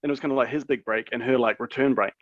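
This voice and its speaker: A man's voice: mid-range voice, fairly even intonation, very fast, no room sound. A British man rambles through a story on a casual podcast, stopping and restarting often. His mic sounds dry and a bit muffled. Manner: rambling, lots of "like" and "um". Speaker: podcast co-host.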